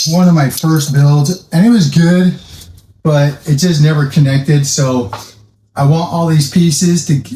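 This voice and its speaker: Guy rambling about his builds at the workbench, kinda high mellow voice, echoey room. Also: a little hiss or hum. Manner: chatty, rambling, self-amused. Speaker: toy-scrap model builder, channel host. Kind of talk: casual workshop vlog. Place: home workshop at a workbench. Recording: echoey room with faint music.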